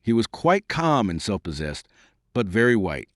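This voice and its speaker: Male audiobook narrator, lowish voice, lively intonation, dry close sound. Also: moderate pace, dry recording.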